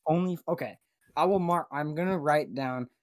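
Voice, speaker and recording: A man hosting a comedy podcast in a goofy, flustered way. His voice sits a little high and shoots higher when he gets worked up. The recording is close and dry. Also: moderate pace, no room sound. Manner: goofy, flustered, rising to high squeaky pitch when panicking. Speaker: podcast host. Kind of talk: comedic casual chat.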